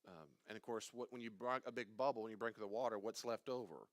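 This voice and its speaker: A man's voice: fairly low pitch, quick pace, no room sound. A man teaching a Bible study in a conversational, digressive way, often quizzing his listeners. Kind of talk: informal teaching.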